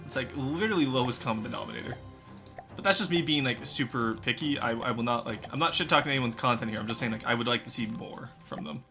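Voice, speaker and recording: A man's voice: mid-range voice, fast talker, pushed and bright, faint music behind. A man streaming live, chatting casually with his chat while building in a game, rambling and swearing freely.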